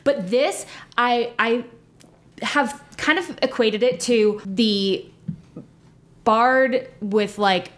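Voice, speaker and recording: A woman's voice: fairly high pitch, drawn-out words, long pauses, fairly bright tone. A young woman from New Jersey co-hosting a casual comedy podcast, chatty and self-deprecating as she explains things. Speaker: podcast co-host and player.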